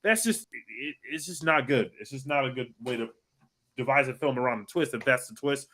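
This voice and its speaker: A man co-hosting a podcast, chatting casually about a movie in an animated, emphatic way. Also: medium pitch, a little fast. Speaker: podcast co-host. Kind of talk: casual movie review chat.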